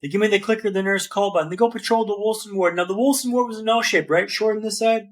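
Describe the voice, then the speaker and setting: A man's voice: sits high, fast. A man, a podcast guest telling a dramatic personal story with a vivid, rhythmic build and repeated phrases.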